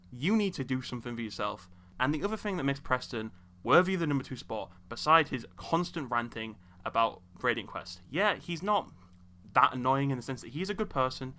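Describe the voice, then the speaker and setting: A man's voice: medium pitch, animated, a little fast, pushed and bright. A young man ranting in exasperation about video game characters, scolding them directly. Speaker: video host.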